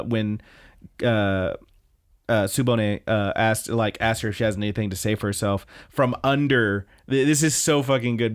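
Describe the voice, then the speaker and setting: A young man co-hosting a podcast, recapping an anime with excitement, frequent laughter, swearing and filler words. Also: lowish voice. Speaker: podcast co-host.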